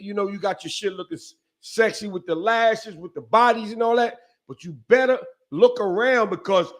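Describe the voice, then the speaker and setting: Man, high-pitched, casual podcast chat, animated storyteller, streetwise, profane.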